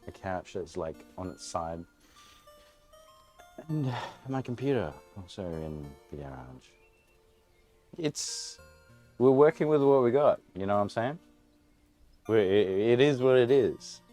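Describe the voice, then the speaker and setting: A man's voice: deep voice, a little mellow. An Australian man streaming live from his home garage, chatting casually and candidly in a rambling way while he cooks. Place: single-car garage at home.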